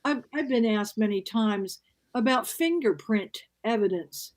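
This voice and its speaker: A woman co-hosting a podcast, asking measured, precise questions in casual talk. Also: on the high side, animated. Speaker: podcast co-host. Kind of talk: casual conversation.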